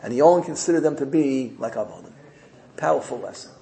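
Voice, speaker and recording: A man's voice: mid-range voice, very animated, quick pace, gravelly, dark tone. A man giving a Torah class, reading Hebrew verses and translating them line by line with emphasis. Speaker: Torah teacher.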